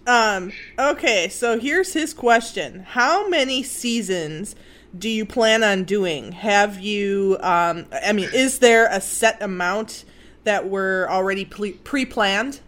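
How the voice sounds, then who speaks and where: A woman hosting a podcast, reading out a listener's question in an unhurried, hesitant way. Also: medium pitch, fairly bright tone. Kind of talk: casual chat.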